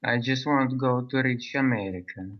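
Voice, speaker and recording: A man playing a caller who pleads for help to leave his poor country, speaking halting broken English. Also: medium pitch, lightly acted. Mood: pleading. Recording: dull lo-fi call audio.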